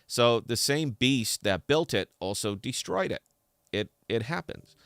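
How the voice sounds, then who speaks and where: A man's voice: mid-range voice, animated, a little slow, gravelly, fairly bright tone, no echo. A man hosting a podcast in an opinionated, heated solo rant, talking with a slight lisp and repeating words as he gets worked up. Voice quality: slight lisp from a dental hole. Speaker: podcast host.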